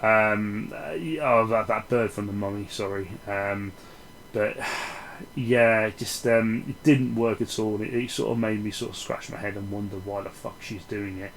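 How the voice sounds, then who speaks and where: A man's voice: lowish voice, level tone, a little slow, rough recording. Rambling, sweary man. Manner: rambling, sarcastic and sweary, with many restarts. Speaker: film reviewer. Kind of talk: casual spoken film review.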